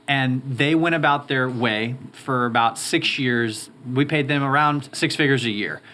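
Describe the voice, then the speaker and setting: Speaking unhurriedly in a bright, pushed, medium-pitched voice, a man in his thirties tells his story as an interview guest. He owns a roofing company and comes across as upbeat and eager.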